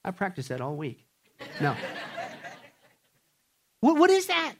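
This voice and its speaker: A man preaching a sermon with jokes, swinging from loud to hushed and acting out voices. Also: high voice, wildly swooping pitch, takes it slowly, creaky, pauses often. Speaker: pastor.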